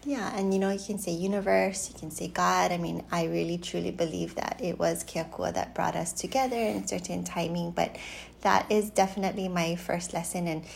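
A woman's voice: on the low side, a little fast, creaky, a little hiss or hum. A woman in her thirties chatting casually on a podcast with her husband, laughing often and acting out quoted voices, recorded on a phone at home. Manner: giggly, animated storytelling with put-on quoted voices. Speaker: podcast co-host. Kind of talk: casual chat. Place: home in Hawaii.

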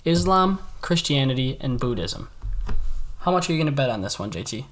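A man hosting a casual trivia game, reading out each question slowly and repeating it. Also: medium pitch, sing-song, fairly bright tone. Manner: reads questions twice, slowly and deliberately.

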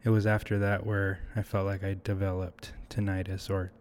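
A man's voice: low voice, level tone, normal speed, darkish tone, a little hiss or hum. A young man talking as a podcast guest, reflective and hesitant, often restarting his sentences. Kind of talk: casual conversational interview.

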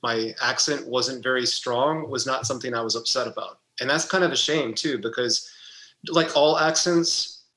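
A man in his forties reflects in a calm, measured way, building his point step by step. His mid-pitched voice carries a noticeable roomy echo around it. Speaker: podcast co-host. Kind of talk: casual chat.

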